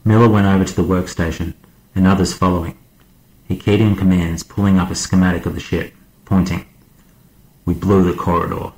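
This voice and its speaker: A man narrating an audiobook as a guest reader, in a measured, steady way. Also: sits low, echoey room, rough recording.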